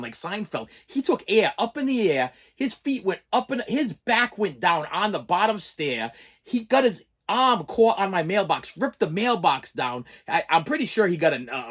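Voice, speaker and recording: A man's voice: on the high side, a bit bright. A middle-aged man who collects movies, telling a long story in a casual, rambling way and often stammering and repeating words.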